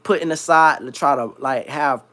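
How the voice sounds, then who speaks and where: A man from South Florida who hosts a livestream, telling a long story in a slangy, rambling, animated way. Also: a little high, moderate pace. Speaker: livestream host. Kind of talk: casual storytelling.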